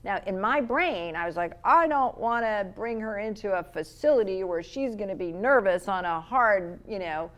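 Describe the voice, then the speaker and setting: A woman's voice: mid-range voice, normal speed, few pauses. A middle-aged woman, chatting casually and telling a story, acting out the quotes. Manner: storytelling, animated, acts out quotes. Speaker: podcast co-host. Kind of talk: casual chat.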